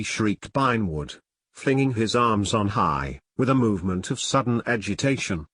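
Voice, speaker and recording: A man narrating a 19th-century novel aloud in a theatrical, expressive reading style. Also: on the low side, moderate pace, husky, no room sound, clean studio sound. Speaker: audiobook narrator.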